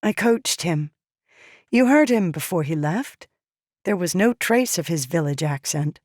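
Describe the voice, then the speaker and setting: A woman's voice: on the low side, animated, measured pace, a little mellow, no room sound, studio quality. A woman voicing an earnest, timid but determined young slave girl in an audiobook. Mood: pleading. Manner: pleading, earnest. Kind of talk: audiobook character voice.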